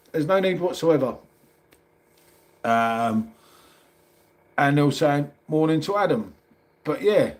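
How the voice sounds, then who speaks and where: A middle-aged man with a London accent, chatting casually on a livestream and reading out comments, calling everyone mate. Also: fairly high pitch. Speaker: livestream host.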